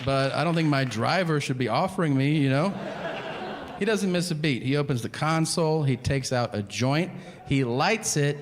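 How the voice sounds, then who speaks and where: A man's voice: a little high, normal speed. A man doing stand-up storytelling on stage with a handheld mic, profane and incredulous. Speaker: stand-up comedian. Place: live comedy venue. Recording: live hall reverb with ambient noise.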